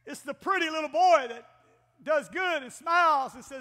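A middle-aged man preaching a folksy, animated Pentecostal sermon as pastor in a church. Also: very high-pitched, normal speed. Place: church sanctuary. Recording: long church-hall reverb.

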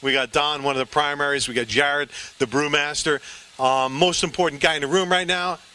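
A man's voice: on the high side, steady tone, fairly quick, pushed and bright. A man hosting a TV show, interviewing people on location at a brewery in a chatty, effusive, rambling way. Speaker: TV host.

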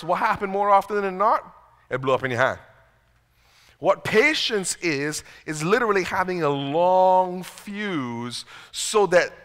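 Bright-voiced man preaching in a reverberant hall. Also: on the high side. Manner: conversational, self-deprecating, repeats words when starting sentences. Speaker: pastor. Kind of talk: sermon. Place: church sanctuary. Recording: long reverb of a church hall.

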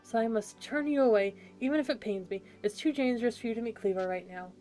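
A woman's voice: fairly high pitch, fast talker, dark tone, close to an everyday voice. A woman voicing a boastful young boy warden in a game, grandiose and self-assured, over game music. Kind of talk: reading game dialogue aloud.

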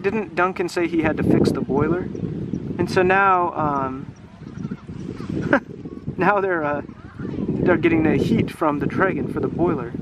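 A man's voice: on the high side, unhurried, long pauses. A man reading a children's picture book aloud outdoors by the water, chatting and asking the listener questions as he goes. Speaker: English teacher reading to children. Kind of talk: read-aloud storytelling with questions. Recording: loud wind noise outdoors.

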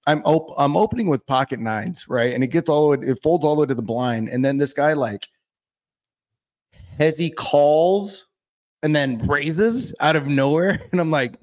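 A podcast host with a fairly high, brisk voice tells a story about a card table. The chat is loose and profane, full of laughter.

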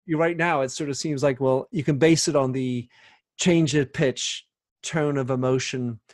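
A man's voice: medium pitch, fairly even intonation, moderate pace. A man hosting an interview podcast, asking long, winding questions full of restarts and fillers. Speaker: podcast host.

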